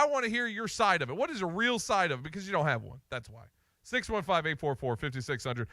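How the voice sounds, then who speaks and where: An excitable man on a sports radio show, his voice sitting high and swinging widely as he talks. He sounds bright and forceful, and he often repeats words as he gets his points out. The studio sound is dry and close. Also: dry recording. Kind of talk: casual sports talk.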